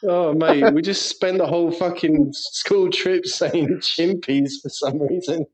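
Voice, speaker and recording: Brief: male podcast co-host, higher voice, unhurried, sweary, laughs constantly. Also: steady tone, low-quality recording. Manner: sweary, laughs a lot, storytelling. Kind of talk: casual banter.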